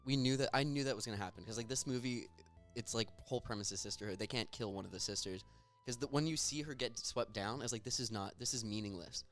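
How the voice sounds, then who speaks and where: A man's voice: medium pitch, quick pace, a bit bright, faint music behind. A young adult man hosting a podcast, chatting casually and animatedly about films, joking and retelling scenes. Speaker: podcast host. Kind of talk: casual chat.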